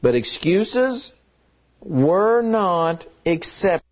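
A man delivers a Sunday-evening-style sermon with a slightly high voice. He leans hard on single words and repeats them for emphasis, and the recording sounds dull and lo-fi. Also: big pitch swings, very slow. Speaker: pastor.

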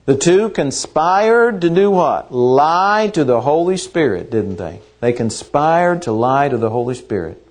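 A man preaching a sermon in a church, his voice sitting a little higher than most men's. He poses question after question to the congregation and slows right down to lean on the words that matter. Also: big pitch swings. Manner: slow deliberate emphasis on key words, rhetorical questions.

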